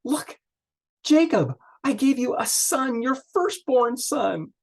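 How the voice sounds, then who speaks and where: A man voicing a young woman who eagerly pleads for her husband's love in a high voice. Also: very animated, slow, gravelly, exaggerated voice. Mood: pleading.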